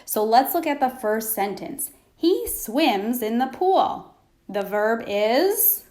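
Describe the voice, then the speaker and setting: A woman teaching a phonics lesson to young children, pausing for answers and praising them. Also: fairly high pitch, very animated, a little mellow. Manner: slow, patient, prompting pauses for answers.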